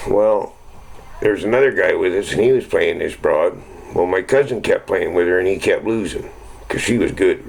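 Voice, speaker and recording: Middle-aged man, deep gravelly voice, rambling and profane, faint background noise. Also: low-quality recording. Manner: rambling, swears constantly, chuckles at own stories. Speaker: vlogger telling stories. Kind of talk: casual profane storytelling.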